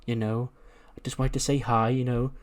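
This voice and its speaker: A man voicing a flirty, smooth-talking male wrestler who purrs playful foreign phrases. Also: mid-range voice, level tone, moderate pace, natural voice. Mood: teasing.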